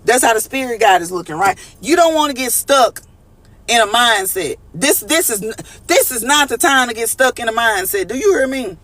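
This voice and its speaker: A man's voice: very high voice, animated, normal speed, sharp tone, dry recording. A man giving a live collective tarot reading in a casual, profane, chatty way, calling his viewers y'all and answering their chat comments. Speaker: tarot reader.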